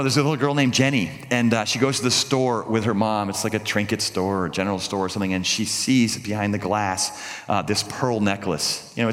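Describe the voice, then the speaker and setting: Low-voiced man preaching in a hall. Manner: conversational storytelling, drops to a hush for tender moments. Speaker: pastor. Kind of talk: sermon. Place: church sanctuary.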